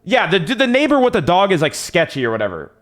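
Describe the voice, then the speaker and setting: A man's voice: high-pitched, wildly swooping pitch, quick pace, a bit bright. A young man streaming live, telling a long story in a rambling, profane, slang-heavy way.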